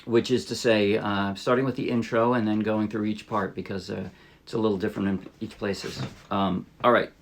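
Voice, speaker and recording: A man teaching a ukulele song in a relaxed, casual way, thinking aloud and correcting himself as he plays. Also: fairly low pitch, normal speed, vocal fry. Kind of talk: casual instructional talk. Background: ukulele playing.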